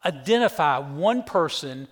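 A man's voice: fairly high pitch, expressive, measured pace. Pastor guy preaching, punchy storyteller, long church echo. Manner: emphatic storyteller, keeps saying "listen". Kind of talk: sermon with a personal story. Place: church sanctuary. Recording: echoey church hall.

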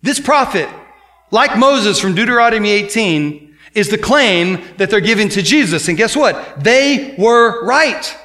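A man delivers a sermon in a high-pitched voice. His tone is bright and forceful. He swings between loud, emphatic exhortation and quieter, explanatory passages. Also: lively intonation, normal speed. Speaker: pastor.

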